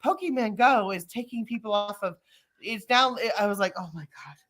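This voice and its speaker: A middle-aged woman telling stories in casual chat, acting out the quotes with lively energy. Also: a little high, moderate pace. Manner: animated storyteller, acts out quotes.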